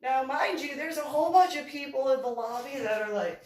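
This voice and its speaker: Speaking a little fast in a high voice, a woman tells a casual, animated story from her own life, laughing often and turning stern and scolding whenever she quotes herself. The recording is roomy and echoey, with her distant from the mic.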